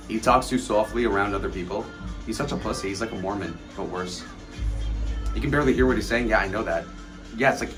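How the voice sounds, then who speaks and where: A man's voice: on the low side, quick pace, over music. Profane, rambling young man on a late stream. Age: 20s. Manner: rambling, profane, mocking storytelling; reads and answers chat messages aloud. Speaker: livestreamer. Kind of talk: casual late-night stream chat.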